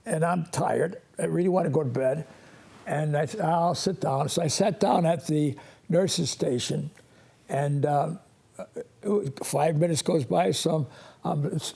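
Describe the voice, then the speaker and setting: A man in his eighties, a priest hosting a call-in show, telling stories in a halting, rambling way with many restarts and chuckles. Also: on the high side, gravelly, warm tone, husky. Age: 80s.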